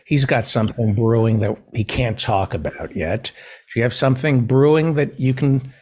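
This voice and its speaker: A man hosting a casual talk show, joking in a dry, self-deprecating, deadpan way. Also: medium pitch, moderate pace, slightly rough. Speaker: podcast host. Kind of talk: casual chat.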